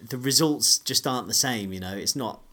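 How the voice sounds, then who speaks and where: A man's voice: medium pitch, fairly quick, sharp tone. A man co-hosting a podcast in casual chat, rambling and often restarting his sentences. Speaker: podcast co-host.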